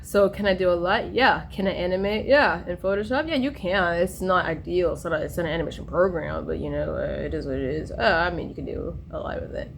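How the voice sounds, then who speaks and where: A woman's voice: fairly low pitch, a little fast, vocal fry, few pauses, slight background noise. A young woman talking in a rambling personal vlog, drifting between stories with many fillers and restarts. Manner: tangential, full of fillers and restarts. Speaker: vlogger.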